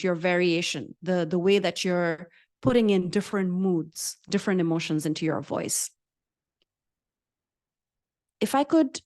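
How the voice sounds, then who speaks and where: A woman running an interactive public speaking session, varying her pace and pausing to show her points, and reading out answers from participants. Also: on the low side. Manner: lively, demonstrates pauses and pace changes, reads out participants' answers.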